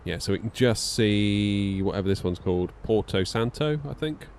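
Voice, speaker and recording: Male streamer, low-pitched, easygoing live chat over a flight sim. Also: lively intonation, normal speed, darkish tone, a little hiss or hum. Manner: chatty, thinks aloud and answers his chat. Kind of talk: casual live-stream chat while flying.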